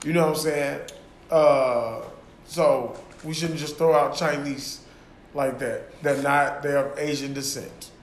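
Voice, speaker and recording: High-voiced man in casual profane chat. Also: steady tone, slow pace, echoey room, slight background noise. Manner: loose, profane, laughing often. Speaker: podcast co-host.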